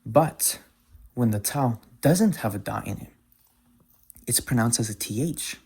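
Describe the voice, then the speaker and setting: A man teaching pronunciation in a patient explanatory lesson, repeating example words slowly. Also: medium pitch, expressive, vocal fry, darkish tone, breathy edge.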